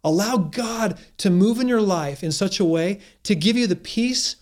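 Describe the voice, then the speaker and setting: A man's voice: high voice, moderate pace. A man preaching a sermon in an earnest, encouraging way, often restarting his phrases. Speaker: pastor.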